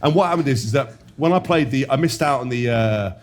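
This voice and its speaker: A man's voice: medium pitch, lively intonation, a little fast, slight background noise. A man in his thirties, a former rugby player co-hosting, telling boisterous self-mocking anecdotes in casual chat.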